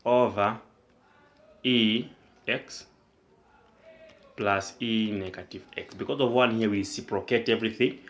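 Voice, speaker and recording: A man's voice: lowish voice, fairly even intonation, measured pace, long pauses. A man tutoring math, explaining each step and prompting with questions. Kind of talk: whiteboard math lesson.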